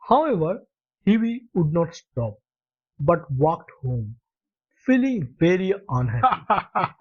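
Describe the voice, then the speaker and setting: Male storyteller, slow and expressive, high and lively; dull lo-fi. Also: slightly rough. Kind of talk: story narration. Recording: dull lo-fi recording.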